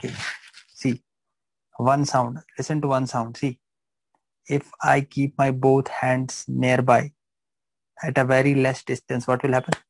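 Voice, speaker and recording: A man's voice: medium pitch, level tone, unhurried, vocal fry, pauses often, poor audio. A man teaching a live physiology class, repeating phrases and checking that students understand.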